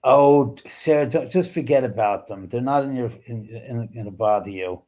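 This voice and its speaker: Chatting with viewers on a relaxed home livestream, this host speaks with a medium pitch at normal speed in a slightly mellow voice. He exclaims often and swears without holding back.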